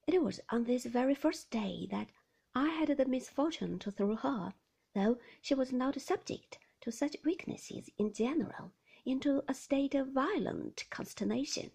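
A woman narrating a classic novel in a hushed, slow storybook reading. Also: high voice, animated, vocal fry, husky.

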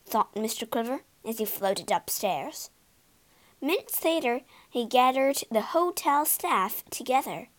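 Expressive woman reading a storybook. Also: a little high, measured pace. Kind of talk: storybook narration for learners.

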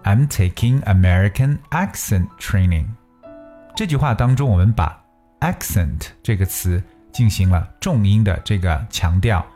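A man teaching an English lesson, reading sentences aloud slowly, repeating and spelling words letter by letter, and stressing key words to show intonation. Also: fairly low pitch, expressive, mellow, faint music behind.

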